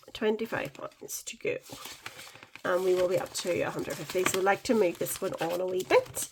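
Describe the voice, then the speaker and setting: A woman talks through her cash budgeting in a relaxed, chatty way, counting notes out loud and catching her own slips. Her voice sits at a middling pitch. A faint hiss of noise runs under the recording. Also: low-quality recording. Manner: chatty, counts money aloud, self-correcting. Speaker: budgeting vlogger. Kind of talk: casual cash-stuffing vlog.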